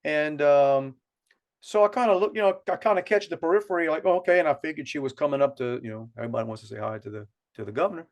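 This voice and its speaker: A man's voice: on the high side, quick pace. A man with a South Louisiana accent, co-hosting a podcast and telling a long, rambling story with many restarts. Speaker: podcast co-host. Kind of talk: casual storytelling chat.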